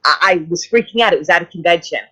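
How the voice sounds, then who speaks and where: A woman in her fifties, an actress guest telling excited stories in a casual interview. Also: fairly low pitch, fast. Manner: excited, gushing storyteller. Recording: slightly muffled audio.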